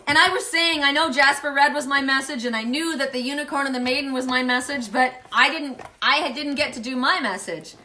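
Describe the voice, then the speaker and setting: A woman doing an oracle card reading on a livestream, talking excitedly, often exclaiming, swearing and laughing. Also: high-pitched, a little fast. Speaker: intuitive card reader.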